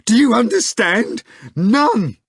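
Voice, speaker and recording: Brief: a man voicing a frantic middle-aged man, pitched high and loud, bitter protest. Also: very animated, takes it slowly, husky, no room sound, studio quality, heavily acted. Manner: crying out, bitter. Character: desperate middle-aged male building manager, frantic.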